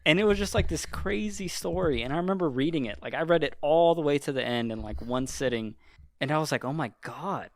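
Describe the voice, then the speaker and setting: A man's voice: a little high, lively intonation, fast, no room sound. A man chatting casually as a podcast host, retelling a story in a loose, rambling way with lots of swearing and filler. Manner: rambling, profane, heavy use of "like". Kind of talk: casual chat.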